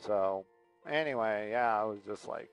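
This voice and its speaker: A man's voice: lowish voice, unhurried, clean tone, soft background music, poor audio. Chatty man telling a rambling story. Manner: chatty, loose, full of fillers and acted-out quotes. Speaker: aerial news pilot and livestream host.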